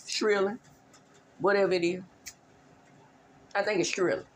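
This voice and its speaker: Measured in pace, a woman hosts a laid-back celebrity gossip show, her mid-range voice carrying a little hiss or hum in the recording. She's sassy and drawling, mocking and mimicking as she chats.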